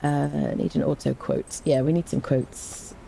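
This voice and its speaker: Low mellow British woman streamer. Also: steady tone, measured pace, creaky, slight background noise. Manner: chatty, greets viewers, frequent ums and self-corrections. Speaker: game streamer. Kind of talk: live-stream chat and reading patch notes.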